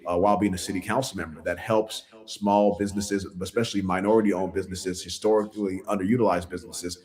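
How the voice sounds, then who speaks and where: Earnest man, low voice. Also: fast. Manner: earnest, animated, laughs at himself. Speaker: city council member and candidate. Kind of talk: casual interview chat.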